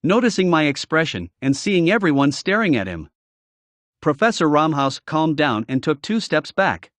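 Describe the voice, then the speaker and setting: Man reading a fantasy novel aloud, slightly high voice, very dry recording. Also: normal speed, no echo. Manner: steady reading with occasional slips. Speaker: audiobook narrator. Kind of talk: first-person novel narration.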